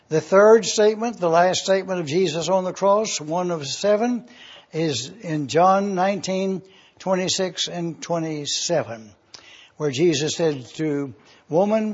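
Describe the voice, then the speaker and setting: Slow, deliberate male Bible teacher. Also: fairly high pitch, darkish tone, husky. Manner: measured, repeats references for note-taking. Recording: dull lo-fi classroom tape.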